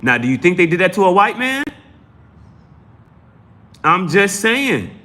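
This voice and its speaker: A man's voice: high-pitched, very animated, a little slow, bright, forceful tone. A man hosting a live tarot stream, talking in a rambling, profane, emphatic way and often restarting his sentences. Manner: repeats and restarts phrases. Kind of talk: casual live-stream talk.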